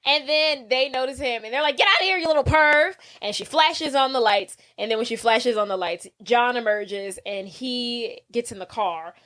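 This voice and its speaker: A woman's voice: fairly high pitch, normal speed, hardly any pauses. A woman co-hosting a podcast, casually retelling a movie's plot and acting out the characters' lines. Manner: animated, acts out characters' lines while retelling. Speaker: podcast co-host. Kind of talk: casual movie recap chat.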